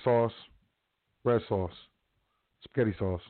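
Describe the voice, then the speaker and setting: A man's voice: on the low side, slow pace. A man hosting a show, talking in a rambling, slangy, casual advice monologue. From South Side of Chicago. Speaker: host. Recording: phone-like narrow sound.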